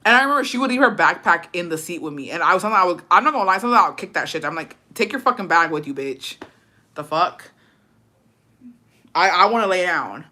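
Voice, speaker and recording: Young woman ranting a storytime on a livestream, cusses constantly, bright voice, drops spanish phrases here and there. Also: fairly low pitch, racing, few pauses. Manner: profane, blunt, animated storytelling; mixes Spanish phrases into English. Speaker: livestream host. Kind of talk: casual storytime rant.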